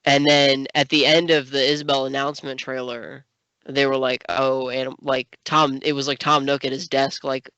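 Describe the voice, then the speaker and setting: A podcast co-host chatting casually, rambling with lots of fillers and breaking into animated outbursts. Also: medium pitch, normal speed, clean tone, no echo. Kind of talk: casual chat. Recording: dry, dull lo-fi sound.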